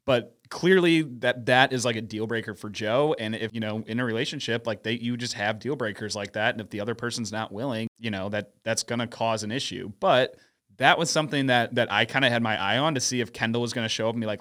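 Male podcast co-host from St. Louis, mid-pitched voice, loose rambling chat. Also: fast, a bit bright. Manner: rambling, lots of restarts and hedging fillers.

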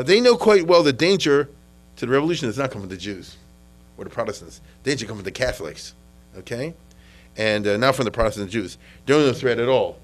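A man's voice: medium pitch, low-quality recording. A man giving an informal history lecture in a conversational way, often checking that listeners follow and repeating words as he restarts. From United States. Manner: conversational, checks in with "okay?" and "you understand?"; frequent restarts and repetitions.

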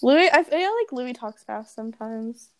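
Smooth-voiced giggly young woman chatting. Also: fairly high pitch, moderate pace. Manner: giggly, filler-heavy fan chatter. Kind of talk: casual chat.

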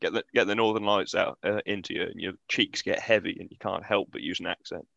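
A man co-hosting a podcast, animated and swearing freely. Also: deep voice, fast talker, creaky, no room sound, highs cut off. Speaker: podcast co-host. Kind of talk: casual chat.

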